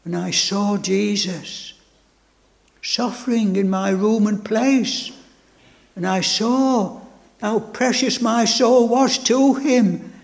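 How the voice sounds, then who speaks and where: A man's voice: high voice, slow pace, vocal fry. A man preaching a sermon with fervent, repeated phrases and stammered restarts. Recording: long hall reverb.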